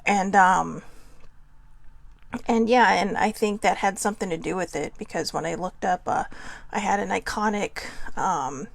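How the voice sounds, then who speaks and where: A woman's voice: medium pitch, lively intonation, moderate pace, gravelly, no echo. A middle-aged woman hosting a personal reflection show, talking in an earnest, musing way that keeps asking herself questions, her voice a little shaky from incense smoke. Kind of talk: casual reflective monologue.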